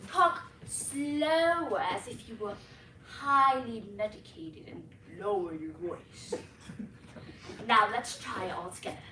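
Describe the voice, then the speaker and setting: Performing a comic competition piece, a student plays an overbearing, self-important accent teacher in a fake British accent, hamming it up theatrically. Her medium-pitched voice is expressive, sharp, and unhurried, recorded distantly in a noisy, echoing school auditorium.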